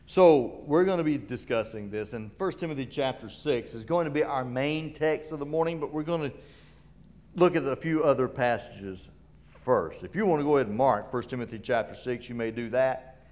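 A man's voice: medium pitch, normal speed, darkish tone. A man preaching a sermon, emphatic, repeating key phrases and asking rhetorical questions, growing fervent when he reads scripture.

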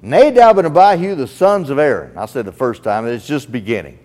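A man's voice: mid-range voice, lively intonation, fairly quick, darkish tone. A man preaching a sermon, earnest and emphatic, speaking straight to the listener as a friend.

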